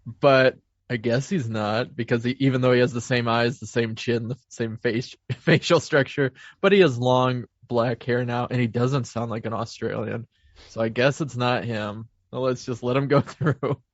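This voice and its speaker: A man's voice: mid-range voice, fairly even intonation, moderate pace, no room sound, lo-fi sound. A man co-hosting a podcast, rambling through a film plot with self-corrections. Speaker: podcast co-host. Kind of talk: casual plot recap.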